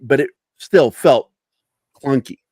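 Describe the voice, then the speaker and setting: A man's voice: mid-range voice, slow, a little mellow, husky, no room sound, clean studio sound. A man talking as a guest in a casual chat. He rambles, laughs often and swears freely.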